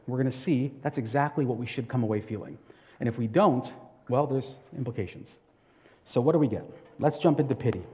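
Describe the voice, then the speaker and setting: A man preaching a sermon as pastor, earnest and conversational, with asides and questions to the congregation. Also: medium pitch. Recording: echoey hall, dull lo-fi sound.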